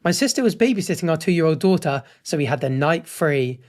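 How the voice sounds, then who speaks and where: A man with a fairly high voice reads out online posts in a relaxed commentary style. He breaks in often with blunt, frank reactions and verdicts. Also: fairly quick. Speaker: host reading and judging online posts. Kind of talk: casual commentary.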